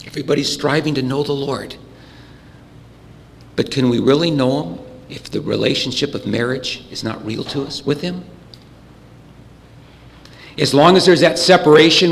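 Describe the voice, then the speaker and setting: A man preaching a sermon earnestly, clearing his throat often, his voice a little choked up. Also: on the high side, moderate pace, long reverb tail, slight background noise. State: voice getting choked up. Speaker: pastor.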